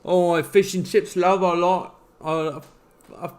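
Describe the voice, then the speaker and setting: A man's voice: high voice, steady tone, takes it slowly, a little mellow. A man putting on a boastful, exaggerated Cockney accent as a joke. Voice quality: mock Cockney put-on, swearing.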